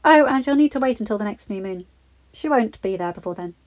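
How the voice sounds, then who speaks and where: A woman voicing a scheming, spiteful witch from a fan story reading, taunting and shrill in anger, on a dry, dull recording. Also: expressive, brisk, a little mellow, no room sound, close to an everyday voice. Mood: sly.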